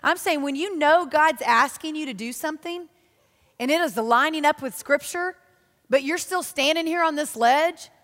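A woman giving a sermon, telling stories in a lively, self-mocking way. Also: high voice, normal speed. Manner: animated, self-mocking storytelling. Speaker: church speaker. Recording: long reverb of a large hall.

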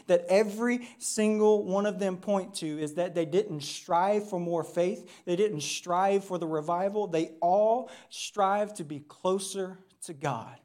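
A woman's voice: on the low side, a little mellow. Conversational woman preaching a sermon. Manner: conversational preaching with frequent "right?" and "like". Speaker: pastor.

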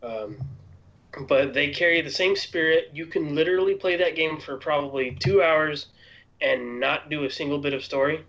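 A man's voice: fairly high pitch, normal speed, a bit bright, dull audio. A man co-hosting a casual gaming chat, laid-back, with lots of "like" and easy laughter. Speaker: podcast co-host.

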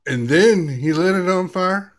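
A man co-hosting a casual podcast, polite and quick to exclaim, reading an article aloud haltingly. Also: high voice, lively intonation. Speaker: podcast co-host. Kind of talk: casual chat.

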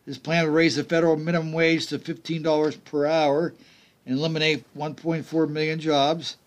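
A man's voice: fairly high pitch, little pitch movement, normal speed. A middle-aged man hosting a political talk radio show, delivering emphatic commentary with sarcastic, mocking asides.

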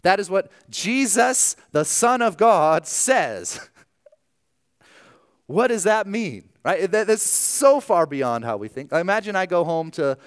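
A pastor from Ohio, delivering a sermon and moving from hushed near-whispers to loud, lively emphasis. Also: male voice, high voice, slow, clear, resonant tone. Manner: animated, dropping to hushed tones.

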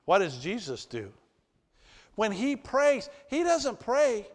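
A man preaching a sermon as pastor, shifting between loud emphasis and hushed, earnest passages. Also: high-pitched, wildly swooping pitch, slow. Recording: long reverb of a large hall.

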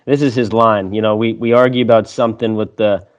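A young man chatting as a podcast guest, relaxed, laughing often and swearing freely. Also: fairly low pitch, brisk, clear, resonant tone, lo-fi sound. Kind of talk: casual conversation.

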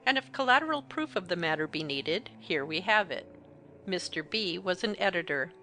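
Female audiobook narrator, bright tone, even reading, faint background noise. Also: fairly low pitch, normal speed. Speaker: audiobook reader. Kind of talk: scripted narration.

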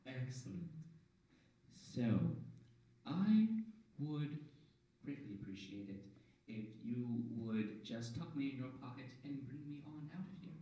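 A man voicing a sly, coy female spirit trapped in an orb, speaking in a soft whisper, recorded from off-mic in an echoey room. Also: mid-range voice, lively intonation, a little slow, long pauses, recorded from a distance, voice pushed up, lightly acted. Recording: roomy, echoey sound from off-mic.

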